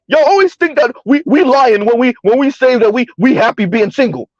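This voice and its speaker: High-pitched black dude ranting casually on stream, blunt, keeps going "right?", dry muffled mic. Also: male voice, lively intonation, brisk, few pauses, no echo. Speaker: live stream host. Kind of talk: casual commentary to a live chat.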